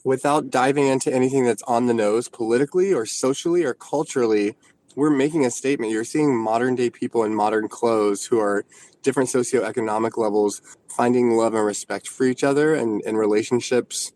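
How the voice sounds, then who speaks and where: A man's voice: mid-range voice, steady tone, brisk, darkish tone. Earnest man in his forties, faint hiss. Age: 40s. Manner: earnest, thoughtful, restarts sentences. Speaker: choreographer, guest. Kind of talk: casual radio interview.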